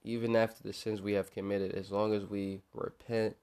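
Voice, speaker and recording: A man's voice: lowish voice, flat delivery, normal speed, mellow, smooth. A young man hosting a podcast, talking earnestly and informally about faith and forgiveness, often repeating his words as he goes. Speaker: podcast host. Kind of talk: informal religious encouragement.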